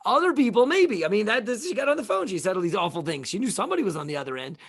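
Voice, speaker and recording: A man's voice: high voice, big pitch swings, rapid-fire, a bit bright, husky, no room sound. A man hosting a live talk show, speaking in a casual, folksy way, rambling with many restarts and repeated words. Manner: conversational, folksy. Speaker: host.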